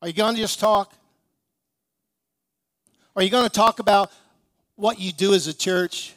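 Imagined Jesus, pressing rhetorical questions, high and forceful, a man speaking as him. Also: steady tone, a little slow, long reverb tail. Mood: challenging. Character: imagined Jesus challenging a church, adult man.

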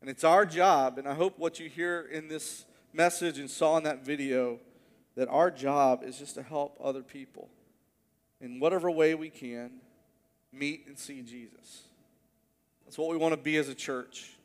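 Brief: male pastor, earnest storytelling sermon, slightly high voice, long hall reverb. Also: steady tone. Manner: earnest storytelling preacher, slows on key words. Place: church sanctuary.

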